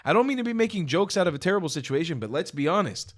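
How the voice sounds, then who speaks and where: A man hosting a reaction vlog, talking bluntly with lots of swearing and emphasis, swinging from loud outbursts to quiet asides. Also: on the high side, very animated, very fast. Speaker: reaction video host. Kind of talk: casual opinionated commentary. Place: lives in Israel.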